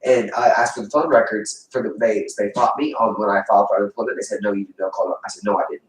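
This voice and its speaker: A man rattles off a long story at high speed, swearing freely. He sits well back from the mic in a roomy, echoing space. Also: fairly even intonation. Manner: fast, profane storytelling, acts out quotes loudly. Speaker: livestream host. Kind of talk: casual chat. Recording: echoey room, far from the mic.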